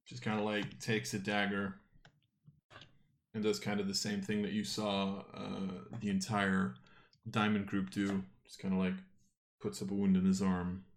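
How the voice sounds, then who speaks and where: A man narrating as game master of a tabletop game, halting and full of fillers. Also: fairly low pitch, monotone, slight background noise.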